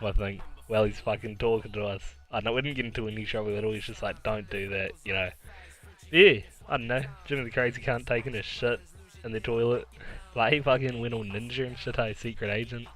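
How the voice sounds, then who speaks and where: A man's voice: mid-range voice, steady tone, a little fast, a bit bright. Laid-back, laughing guy telling a story. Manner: profane, laughs through the telling. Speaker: vlogger. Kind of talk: casual storytelling.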